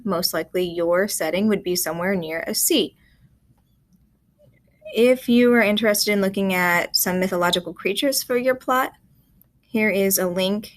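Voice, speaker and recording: A woman teacher giving a recorded writing lesson, explaining in a calm, measured way. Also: on the low side.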